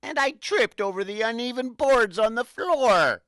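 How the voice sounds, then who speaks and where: A man's voice: very high-pitched, lively intonation, unhurried, a bit bright, no room sound. A man playing a grumpy pirate in a comedy skit, growling his lines.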